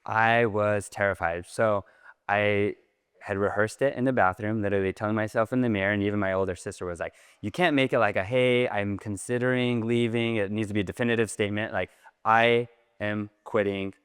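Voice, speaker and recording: A man telling a personal story to an audience in a large hall, in a lively way with many casual fillers. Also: lowish voice, fast, smooth, clean studio sound. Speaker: speaker. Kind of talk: storytelling talk.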